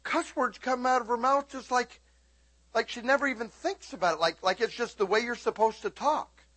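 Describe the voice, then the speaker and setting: A man's voice: very high-pitched, moderate pace, sharp tone, voice pushed up, full character voice, low-quality recording. A man voicing an exasperated young woman who complains in a run-on, incredulous way about how her boss talks.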